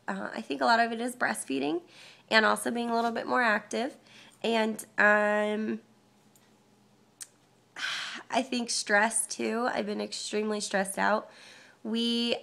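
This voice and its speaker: A woman's voice: on the high side, gravelly. A young woman with a cold, sounding stuffy and congested, chatting casually through a vlog update with lots of ums and small laughs. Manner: rambling, frequent ums, soft laughs. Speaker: vlogger. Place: parents' house, indoors. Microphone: phone.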